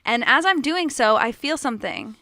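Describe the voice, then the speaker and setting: A young woman with a bright, slightly high voice tells a frank personal story in casual chat. She talks loosely, laughs often, and leans on "like" and "dude". The sound is dry and close. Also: animated, normal speed, gravelly, no room sound. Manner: candid, laughing, lots of "like" and "dude". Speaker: guest.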